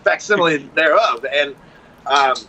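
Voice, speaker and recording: Podcast guest: man, bright and fairly high voice, animated profane storyteller, dull lo-fi audio. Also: moderate pace. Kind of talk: casual storytelling.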